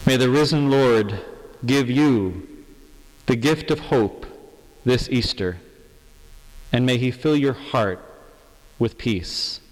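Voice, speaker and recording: A man preaching an Easter sermon as a priest, speaking in a measured, earnest way in a large empty church. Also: mid-range voice, animated. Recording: long reverb of a large church.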